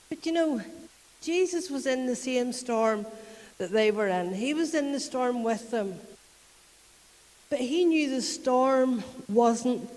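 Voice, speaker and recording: A woman's voice: on the high side, darkish tone, big-room sound, poor audio. A woman with a Northern Irish accent preaching a conversational sermon, retelling a story in a chatty way and often laughing. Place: church.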